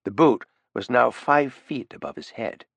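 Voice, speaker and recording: Animated male audiobook narrator. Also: medium pitch, measured pace, creaky, husky, no echo, lo-fi sound. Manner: animated, expressive reading. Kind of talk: scripted narration.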